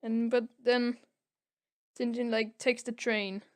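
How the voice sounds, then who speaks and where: A woman's voice: fairly high pitch, flat delivery, slow pace, clear, resonant tone. A young woman recapping a comic on a casual podcast, rambling with lots of filler words. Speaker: podcast co-host.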